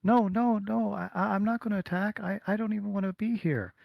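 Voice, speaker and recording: A man's voice: sits high, brisk, gravelly, dry recording, dull audio, pitched above the performer's own voice. A man voicing a frightened young girl in a tabletop game, who stammers and pleads as she talks. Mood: frightened, pleading.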